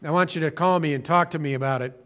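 Male pastor with a higher-pitched voice, earnest and slow-phrased sermon delivery, occasional self-corrections. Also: a bit bright. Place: church streaming service.

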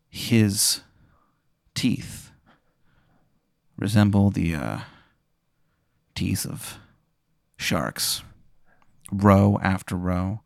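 Deadpan man spinning a profane hypothetical. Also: gravelly, dry recording, studio quality. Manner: profane, deadpan, drops to low murmurs for effect. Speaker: podcast host posing a hypothetical. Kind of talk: casual comedic storytelling.

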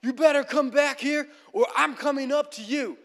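A man voicing a belligerent, scrawny male hiker who shouts and taunts, looking for a fight. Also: very high-pitched, normal speed, in a large hall, pitched above the performer's own voice. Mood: angry shouting.

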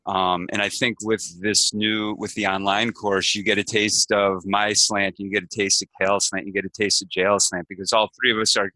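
Man, podcast guest, low pitch, sharp bright tone, dry sound. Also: level tone, moderate pace, hardly any pauses, no room sound, rough recording. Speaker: guest coach. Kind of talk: casual interview chat.

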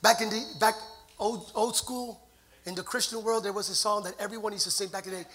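A middle-aged man preaching a sermon, moving from quiet storytelling to shouted, fervent declarations and call-and-response with the congregation. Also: high voice, fairly even intonation, a little fast, slight background noise. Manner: playful, sings snatches of songs and jokes with the crowd. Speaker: pastor.

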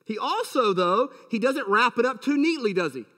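A man's voice: extremely high pitch, lively intonation, normal speed, a bit bright, big-room sound. A man preaching a sermon as a pastor, emphatic and full of rhetorical questions.

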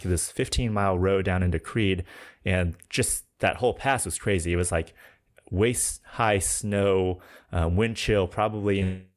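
A young man with a fairly low voice tells stories from the trail as a podcast guest. He talks casually and animatedly, and he fills his sentences with "like". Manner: animated, heavy use of filler "like". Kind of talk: casual storytelling.

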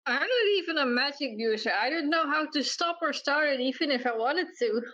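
A woman's voice: high voice, a little fast, sharp tone, poor audio. A woman player in a tabletop game, talking hesitantly and defensively. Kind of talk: casual tabletop game talk.

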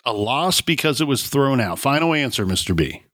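Bright-voiced man hosting a game show. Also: mid-range voice, very animated, normal speed, no echo, studio quality. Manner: reads case summaries, laughs often.

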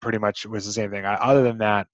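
Male podcast co-host, casual rambling talker, low voice, dry muffled sound. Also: little pitch movement, fast talker, no room sound. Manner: rambling, chatty with many fillers. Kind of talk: casual movie discussion.

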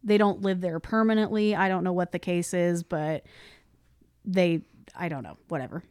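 A woman's voice: lowish voice, steady tone, moderate pace, a little mellow, smooth, dry recording, studio quality. Chatty woman reading history notes. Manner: reads facts then adds offhand asides, laughs often. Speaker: podcast co-host. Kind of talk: casual chat, reading history notes aloud.

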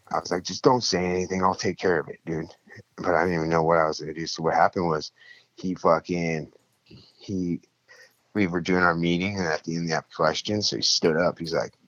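A young man telling a story in casual, profane talk, acting out the people in it with louder, higher voices. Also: level tone, brisk, no room sound, dull audio.

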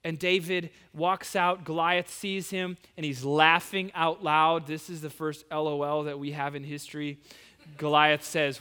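A male preacher retelling a story in an animated, casual sermon full of slang asides. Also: a little high, measured pace, clear, resonant tone. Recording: long hall reverb.

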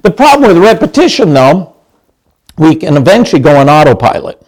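A man's voice: on the high side, sing-song, brisk, a little mellow, rough recording. A middle-aged male pastor preaching a conversational sermon, chatty, with many restarts and questions to the congregation.

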